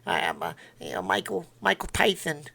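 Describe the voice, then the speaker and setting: A man's voice: on the high side, huge pitch swings, brisk, creaky, pushed and bright, full character voice. A man doing a lisping, boastful heavyweight boxer.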